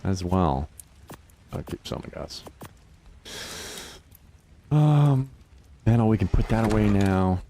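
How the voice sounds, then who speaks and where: A man's voice: lowish voice, animated, slow pace, long pauses, noisy background. A man streaming a game and chatting casually, swearing and laughing his way through stories. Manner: loose, profane storytelling, laughing often. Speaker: livestreamer. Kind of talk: casual gaming stream chat.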